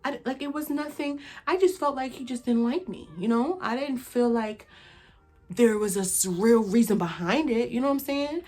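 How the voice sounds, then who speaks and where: A woman's voice: a little high, normal speed, darkish tone. A woman speaks in a casual storytime vlog. Her comes through as she rambles loosely. Fillers and asides to her viewers come up all the way through. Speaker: vlogger.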